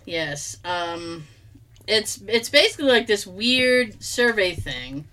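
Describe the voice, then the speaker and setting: A woman's voice: mid-range voice, slow pace. A young woman co-hosting a casual podcast, telling a story with lots of laughter and acted-out quotes. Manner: lively storyteller, laughs often, acts out quotes. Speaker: podcast co-host. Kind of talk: casual chat.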